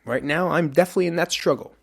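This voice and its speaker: A podcast host speaks to the camera in a gravelly, rather high voice, talking very fast. His monologue is candid, profane, motivational and full of self-questioning.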